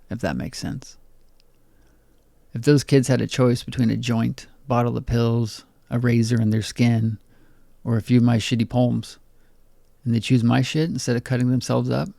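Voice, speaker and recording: Gravelly, flat-voiced man reading poetry. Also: medium pitch, dry recording. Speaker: poet.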